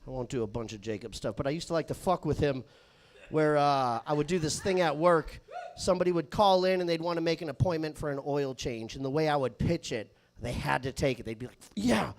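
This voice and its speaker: Talking a little fast in a voice on the high side, this comedian delivers live stand-up onstage. His stories ramble, poke fun at himself, and are packed with swearing.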